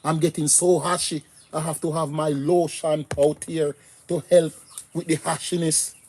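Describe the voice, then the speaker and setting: A man's voice: on the high side, level tone, normal speed, darkish tone, a little hiss or hum. A man talking casually and animatedly on a live stream, repeating himself and greeting viewers in the chat.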